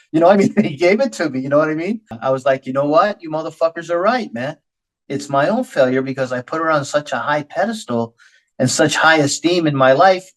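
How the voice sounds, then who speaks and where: Candid older man, fairly high voice. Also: low-quality recording. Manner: blunt, profane, emotionally open. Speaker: podcast host. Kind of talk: candid podcast conversation.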